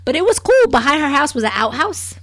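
A woman co-hosting a casual recap chat, animated and sarcastic, often laughing as she talks. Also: sits high, fast, a crowd in the background. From Puerto Rican family. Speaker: co-host.

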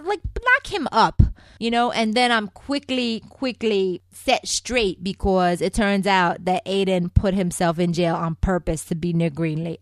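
A woman's voice: medium pitch, dry recording, studio quality. A woman from Puerto Rico chatting in a sassy, gossipy way as she recaps a soap opera, calling her viewers "people". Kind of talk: casual chat.

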